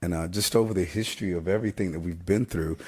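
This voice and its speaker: A man in his fifties, a band singer, chatting casually in an interview, relaxed, halting with fillers and often laughing. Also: low voice, breathy edge. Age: 50s.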